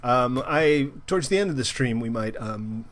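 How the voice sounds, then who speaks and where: A young man hosting a live game stream, chatting playfully with bursts of loud cheering. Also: medium pitch, lively intonation, moderate pace.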